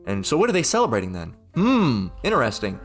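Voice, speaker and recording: A man in a fired-up religious rant, his voice of middle pitch, looping back on his points and swearing as he goes. He reads passages out and argues with them, tagging lines with "okay?" A faint strain of music sits behind him. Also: huge pitch swings, fast talker. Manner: heated, repetitive, swears, calls out "okay?" and "man"; reads passages aloud and comments. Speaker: religious video host. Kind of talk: ranting commentary.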